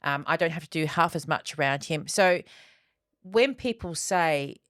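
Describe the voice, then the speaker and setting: Reflective woman with a lower voice. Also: expressive, normal speed, a bit bright, no echo, clean studio sound. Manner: earnest, reflective, with many restarts. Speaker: podcast co-host. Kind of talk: casual chat.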